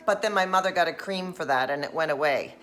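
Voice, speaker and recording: A woman's voice: deep voice, fast talker, a bit bright, faint music behind. A chatty, jokey woman, cooking in her home kitchen while chatting on a live stream. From Nova Scotia, Canada. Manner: chatty and jokey, slips into put-on silly voices. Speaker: vlogger.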